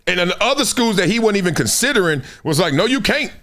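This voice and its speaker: A middle-aged man from Compton, hosting an animated live-stream sports talk show and acting out quoted voices with frequent laughs. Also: sits high, a little fast. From Compton, Los Angeles.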